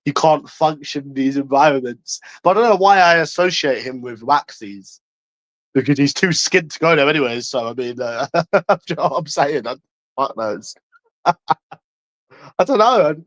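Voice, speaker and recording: A man ranting to camera in a taunting, profane way, tagging lines with "mate" and swinging between loud and hushed. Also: mid-range voice, normal speed, no room sound. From London. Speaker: vlogger.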